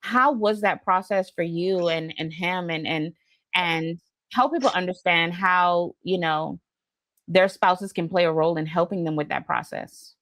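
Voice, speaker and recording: A woman's voice: on the low side, measured pace, fairly bright tone, dry recording. A woman hosting a podcast, asking questions and reflecting earnestly, with many fillers. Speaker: podcast host. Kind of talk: conversational interview.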